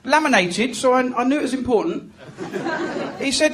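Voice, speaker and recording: A man's voice: extremely high pitch, fairly quick. A man in his thirties with an English accent, doing a chatty, self-mocking stand-up set and teasing the audience. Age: 30s. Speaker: stand-up comedian. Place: comedy club stage. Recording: live club recording with crowd noise. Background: audience laughter and room noise.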